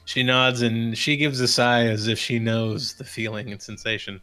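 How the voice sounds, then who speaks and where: A man narrating a tabletop game as game master, easygoing and halting. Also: medium pitch, little pitch movement, bright, forceful tone, faint music behind.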